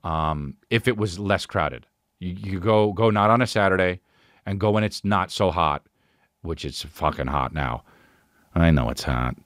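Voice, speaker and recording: A man hosting a podcast, telling a rambling, swearing story in casual chat with animated impressions. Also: sits low, a little slow, dry recording, studio quality. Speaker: podcast host.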